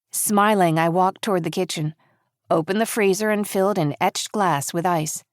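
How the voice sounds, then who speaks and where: A woman giving measured, reflective first-person audiobook narration. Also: fairly low pitch, no room sound, clean studio sound. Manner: measured, reflective, quietly intimate.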